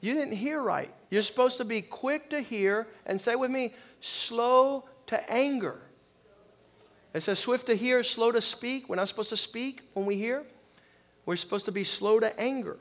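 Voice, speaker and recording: A man preaching a sermon as pastor, calling on the congregation to repeat lines and swinging from quiet reflection to loud emphasis. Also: very high voice, normal speed. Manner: preaching with call-and-response, swings from soft to loud.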